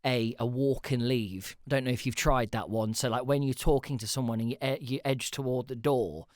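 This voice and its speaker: A man's voice: medium pitch, fairly even intonation, fairly quick, no room sound, studio quality. A man hosting a casual solo podcast, rambling and self-deprecating, with the odd swear word. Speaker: podcast host.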